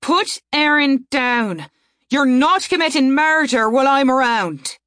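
A woman's voice: sits high, animated, normal speed, pushed and bright, dry recording, studio quality, pitched above the performer's own voice. A woman voicing a stern half-elf mage who gives firm, commanding orders.

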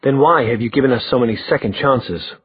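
A man's voice: mid-range voice, a little fast, slightly rough, no room sound. A man doing a scornful young fighter. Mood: probing. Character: proud young male fighter, scornful and sarcastic. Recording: dry tinny phone-like sound.

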